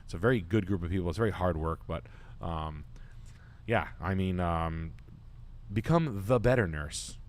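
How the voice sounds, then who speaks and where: A man's voice: sits low, moderate pace. Blunt, profane man. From Boston area, United States. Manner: profane, blunt, rambling with many fillers. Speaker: podcast host. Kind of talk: casual crude chat.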